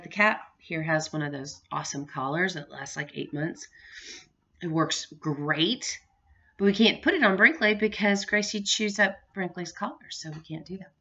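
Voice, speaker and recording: A woman's voice: lowish voice, sharp tone. A middle-aged woman chatting in a rambling, laughing way in a home vlog. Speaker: vlogger. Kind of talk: casual home vlog chat. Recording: muffled lo-fi home recording.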